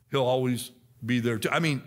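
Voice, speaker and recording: A man's voice: mid-range voice, a little slow. A man in his sixties giving a folksy, conversational church address, repeating himself and leading the congregation in call-and-response. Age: 60s. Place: church sanctuary.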